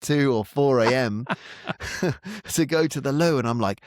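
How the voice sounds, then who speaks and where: A man's voice: mid-range voice, unhurried, long pauses, no echo. Man, middle-aged, friendly, matey podcast storytelling, dry close mic. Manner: friendly storyteller, says mate a lot. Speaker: podcast co-host. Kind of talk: casual podcast chat.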